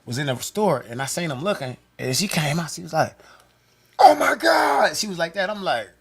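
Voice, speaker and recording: A man in casual chat, telling stories with lively energy and acting out other people's voices. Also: a little high, fast, slightly rough. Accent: Milwaukee, US. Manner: animated storyteller, acts out voices with laughter. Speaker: guest rapper.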